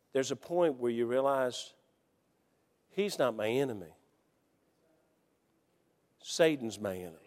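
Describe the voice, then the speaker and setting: A man preaching a sermon, telling a story with lively energy and reading scripture more calmly. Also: medium pitch. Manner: animated, loud storytelling with laughs, then calmer scripture reading. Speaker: Baptist preacher. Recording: hall reverb.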